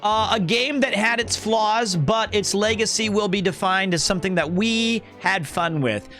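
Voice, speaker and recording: A man's voice: high voice, normal speed, a bit bright, soft background music. A man streaming a video game, chatting casually and rambling to his viewers between puzzles. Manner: chatty, rambling, talks to chat. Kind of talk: casual gaming stream chat.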